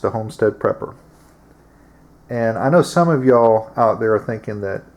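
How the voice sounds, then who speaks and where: A man's voice: on the low side, vocal fry, a little mellow. A man hosting his own show, talking casually in a plain-spoken, drawling way with frequent fillers. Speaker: host. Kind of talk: casual monologue to camera.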